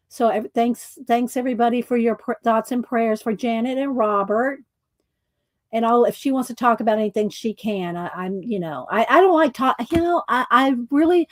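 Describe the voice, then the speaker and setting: A chatty woman, a little higher-pitched than most, hosting a relaxed art-supply livestream. She rambles and giggles between thoughts. The sound is very dry and close, with no room echo. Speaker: art channel host. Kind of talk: casual livestream chat.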